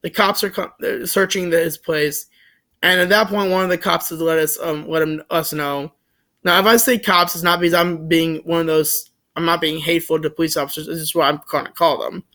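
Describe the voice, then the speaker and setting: A young man casually telling a story to the camera, rambling with lots of fillers and restarts, joking and animated. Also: a little high, fairly quick. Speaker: vlogger.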